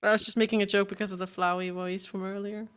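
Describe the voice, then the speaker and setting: A woman's voice: mid-range voice, level tone, fast, a bit bright, smooth. A woman player joking and teasing during a tabletop game.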